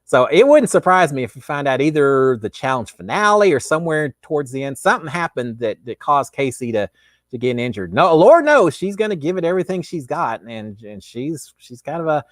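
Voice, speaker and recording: A man's voice: on the high side, sing-song, a little fast, no echo, studio quality. A middle-aged man with a Texan accent, hosting a casual live chat and answering viewer questions in a rambling way. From Texas. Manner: rambling, many restarts and fillers. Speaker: host.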